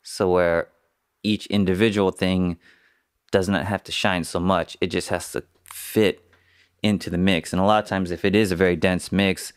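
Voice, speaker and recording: A man's voice: sits low, flat delivery, normal speed, clear, resonant tone, no room sound, studio quality. A man hosting a podcast, slightly sick with an occasional cough, explaining his mixing work in a thoughtful, casual monologue that searches for words. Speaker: podcast host and mixing engineer.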